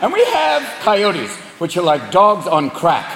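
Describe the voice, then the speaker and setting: A male stand-up comedian performing, animated, profane and loud. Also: sits high, measured pace, vocal fry, noisy background. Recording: echoey hall with loud crowd.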